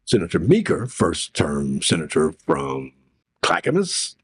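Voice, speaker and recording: An older man telling a story in an interview, animated and profane, acting out what others said. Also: rumbling low, a little slow, husky, no echo, studio quality. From Oregon, US. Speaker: interview guest.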